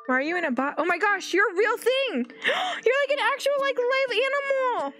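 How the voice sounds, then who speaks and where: A woman's voice: extremely high pitch, very animated, brisk, a bit bright, soft background music. A young woman commenting on a game, gasping, squealing and talking baby-talk to the animals. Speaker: gaming video creator. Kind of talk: excited gameplay commentary.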